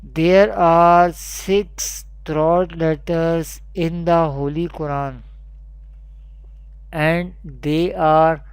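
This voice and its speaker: A man's voice: on the high side, fairly even intonation, clean tone, no room sound. Man, online Quran teacher, repeats letters patiently, dry close sound. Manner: slow, repetitive drilling of letters. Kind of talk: recorded online pronunciation lesson.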